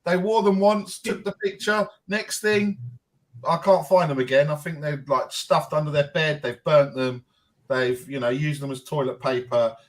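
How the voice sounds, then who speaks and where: Animated middle-aged Englishman telling stories. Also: on the high side. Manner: animated storyteller, quick to laugh. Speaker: co-host and football fan. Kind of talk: casual fan chat and storytelling.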